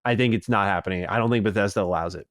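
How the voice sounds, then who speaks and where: A man co-hosting a gaming podcast in casual, animated chat, swearing now and then and reading listener mail. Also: fairly low pitch, very fast, no echo, studio quality. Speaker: podcast co-host.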